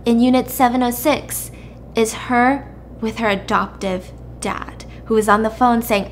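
A woman host casually recapping a drama plot with animated storytelling and quick asides to her co-host. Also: on the high side, a little hiss or hum. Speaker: podcast host.

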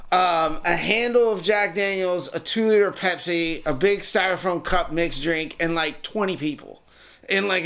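A man's voice: sits high, fairly bright tone. A young man casually telling a rambling, profane story to friends, laughing as he goes. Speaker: podcast co-host telling a story.

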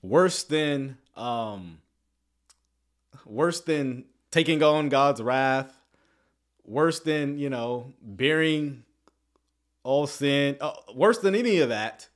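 A man commenting casually on sermon clips, chuckling often and swinging between quiet asides and excited outbursts. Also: medium pitch, drawn-out words, pauses often.

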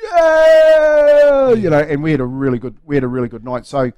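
A man's voice: mid-range voice, steady tone, rapid-fire, darkish tone, no echo, lo-fi sound. A man with a New Zealand accent co-hosting a breakfast radio show, telling stories in casual chat and saying mate often. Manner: chatty storyteller, says mate often. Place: radio studio.

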